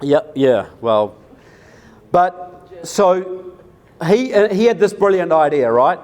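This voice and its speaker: A man with a somewhat higher voice delivers a political presentation to a live audience. He talks emphatically, hammering words by saying them twice. He keeps turning to the crowd with questions. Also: big pitch swings, takes it slowly, a little mellow. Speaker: political speaker.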